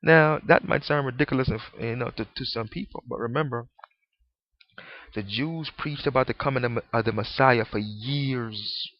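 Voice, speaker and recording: A man's voice: mid-range voice, normal speed, dull audio. A man in a ranting monologue, rambling and preachy, stumbling over restarts, with mocking, profane asides.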